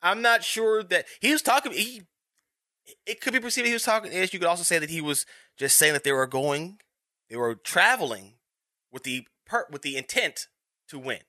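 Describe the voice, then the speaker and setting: A man's voice: sits high, expressive, moderate pace, pushed and bright, no echo, studio quality. A man in his thirties giving casual, rambling sports commentary as a podcast host, with frequent restarts and fillers. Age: 30s.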